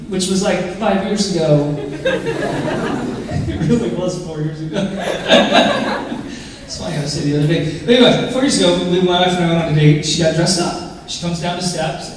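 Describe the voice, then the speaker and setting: A man giving a lively talk to an audience, telling stories and laughing often at his own jokes. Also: high-pitched. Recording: echoey hall, voice from far off, noisy.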